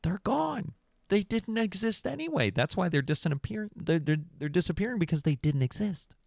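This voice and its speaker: A young man hosting a podcast stream, telling stories in a rambling, animated casual chat and calling people "bro". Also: high-pitched, normal speed, creaky, no room sound, clean studio sound. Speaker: podcast host.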